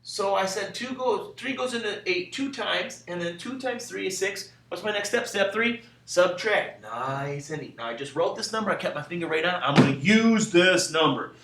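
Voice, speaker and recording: A man teaching a math lesson as the class teacher, lively, chanting steps and walking through each problem aloud. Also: high voice, normal speed, hardly any pauses, echoey room, recorded from a distance, a little hiss or hum. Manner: animated, acts out voices and chants steps.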